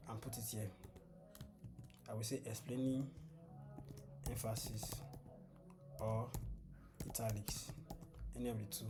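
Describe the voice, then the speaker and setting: A man's voice: lowish voice, little pitch movement, a little slow, long pauses. A man giving a screen-share coding lesson, patient and repetitive, often asking the class "what?" and then answering himself. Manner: asks the class fill-in questions and answers them himself. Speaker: coding tutor. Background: background music.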